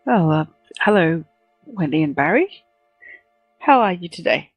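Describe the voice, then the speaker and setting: Woman player; courteous, a little formal, low-ish, dry close mic. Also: animated, a little slow, slightly rough, no room sound, faint music behind, low-quality recording. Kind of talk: playing a character in a tabletop game.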